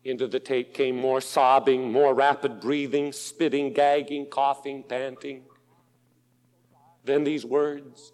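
A man preaching a sermon in an auditorium, slow and impassioned, dropping to a hush and rising to loud pleas. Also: medium pitch, flat delivery. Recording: long hall reverb.

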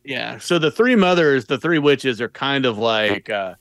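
A man's voice: mid-range voice, animated, a little slow, a bit bright, no room sound, studio quality. A man co-hosting a podcast, chatting casually about a film, asking questions and joking. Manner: jokey, asks follow-up questions. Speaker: podcast co-host. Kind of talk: casual film review chat.

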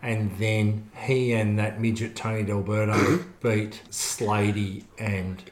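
Loud jokey aussie bloke hosting a pod, swears a lot, echoey room. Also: male voice, lowish voice, level tone, takes it slowly. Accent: Australian. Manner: boisterous, crude and joking. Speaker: podcast host. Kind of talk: casual chat.

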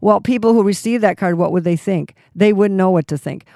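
Woman, ministry teacher, fervent, exhorting, middle pitch, dry close sound. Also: a little fast, hardly any pauses, mellow, no echo. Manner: fervent, repetitive restarts, exhorting. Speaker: ministry leader and Bible teacher. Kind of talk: Christian teaching talk.

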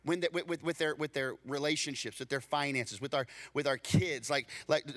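A man preaching a storytelling sermon, animated, acting out dialogue and repeating words when excited. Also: on the high side, a little fast, few pauses. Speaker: pastor.

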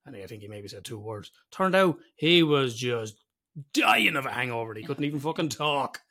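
A man's voice: mid-range voice, big pitch swings, moderate pace, bright, forceful tone. A man co-hosting a podcast in casual chat, sweary and teasing, laughing often. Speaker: podcast co-host.

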